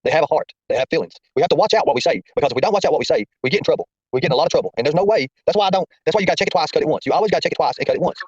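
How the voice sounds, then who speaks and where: A man's voice: a little high, animated, very fast, hardly any pauses, husky, dry recording. A man hosting a casual livestream chat, folksy and preachy, who repeats his points. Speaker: livestream host. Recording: muffled lo-fi stream audio.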